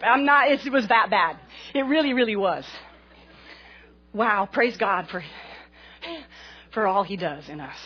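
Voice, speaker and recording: Animated, breathy woman preaching a sermon. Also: medium pitch, lo-fi sound. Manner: animated, self-mocking storyteller, expressive. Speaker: pastor's wife speaking to a congregation.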